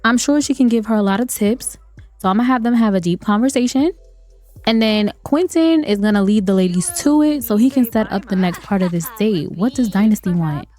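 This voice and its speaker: A woman's voice: medium pitch, animated, fairly quick, mellow. Chatty woman narrating a life-sim game. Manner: chatty, laughs often, talks to viewers. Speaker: gaming video creator. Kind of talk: let's play commentary. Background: faint game music.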